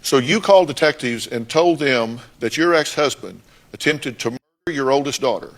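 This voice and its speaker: A man's voice: medium pitch, lively intonation, moderate pace, a bit bright. A man hosting a talk show, pressing a guest with blunt repeated questions and narrating segments. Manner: insistent, repeats pointed questions.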